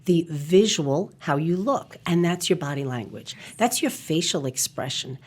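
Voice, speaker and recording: Middle-aged woman guest on a podcast, lowish voice, clear and emphatic, explains things step by step. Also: lively intonation. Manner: articulate, measured, emphatic. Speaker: communication coach, guest. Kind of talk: podcast interview.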